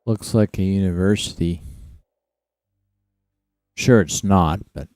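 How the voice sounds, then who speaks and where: A man's voice: low-pitched, takes it slowly, a little mellow, no room sound, studio quality, soft background music. A man from Saskatchewan streaming a game live, talking bluntly, swearing freely and chatting to his dog. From Saskatchewan, Canada. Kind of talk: casual live gameplay commentary.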